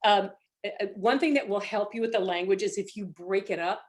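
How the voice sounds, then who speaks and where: A woman's voice: mid-range voice, brisk. A middle-aged woman coaching a student singer in a masterclass, encouraging and demonstrating phrases aloud over a video call. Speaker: voice teacher leading a masterclass.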